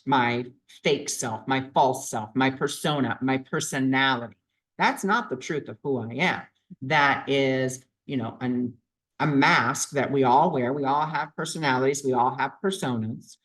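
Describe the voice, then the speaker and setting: Here a man with a fairly high-pitched voice vlogs a reflective self-help talk on a low-quality recording. He comes across as earnest and repetitive, thinking through his feelings as he speaks.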